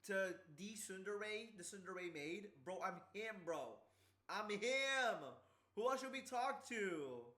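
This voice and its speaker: A man streaming, chatting casually in a teasing, boisterous way and prone to shouting. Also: high-pitched. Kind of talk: casual chat.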